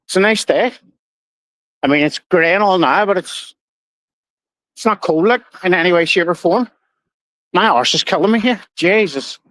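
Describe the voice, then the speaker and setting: A man's voice: high-pitched, moderate pace, pauses often, fairly bright tone, no room sound, poor audio. A middle-aged man, swearing freely as he rambles through stories on his casual livestream. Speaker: livestream host.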